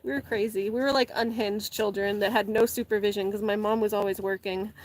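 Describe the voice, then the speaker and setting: A woman's voice: mid-range voice, steady tone, normal speed. Rambling young woman chatting casually. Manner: rambling, says "like" often, laughs a lot. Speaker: vlogger. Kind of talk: casual chat. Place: garden, repotting plants.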